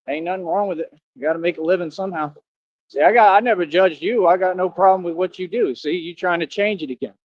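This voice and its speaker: A boastful man rants on a live stream, arguing back at his chat in a slightly high voice. The sound is dry and close, with dull, lo-fi stream audio. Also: dry recording. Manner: boastful and confrontational, talks back to commenters.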